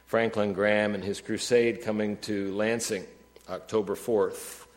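A man preaching a sermon as pastor, reading scripture with rising emphasis and dropping to quiet, conversational asides. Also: lowish voice, level tone, measured pace. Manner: rises to emphatic peaks when reading scripture, drops to soft asides. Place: church sanctuary.

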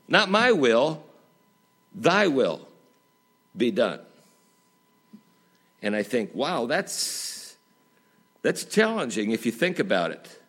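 A man preaching a sermon, talking conversationally and asking the congregation rhetorical questions, with folksy humor and emphatic rises that drop to quiet asides. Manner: dynamic, swinging between emphatic highs and quiet drops. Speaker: pastor.

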